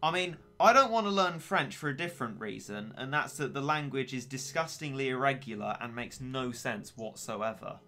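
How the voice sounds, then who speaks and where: Chatty teen lad, bright voice. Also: male voice, mid-range voice, animated, normal speed, few pauses, faint music behind. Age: late teens. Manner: chatty, wry and self-mocking. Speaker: streamer. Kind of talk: casual gaming stream chat.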